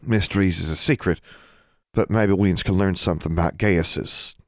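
A man's voice: low-pitched, moderate pace, a little mellow, no echo, clean studio sound. A man voicing a blunt, folksy country girl with an Ozark accent.

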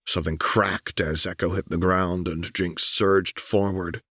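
A man narrating a story in a steady, even way. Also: deep voice, a little slow, dry recording, clean studio sound. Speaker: audiobook narrator.

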